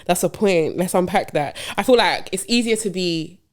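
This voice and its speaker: A woman co-hosting a relaxed podcast chat. Her voice sits low, and she thinks out loud in long, winding sentences, often pausing on ums. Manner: musing, talks in long run-on thoughts with many ums. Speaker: podcast co-host. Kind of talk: casual chat.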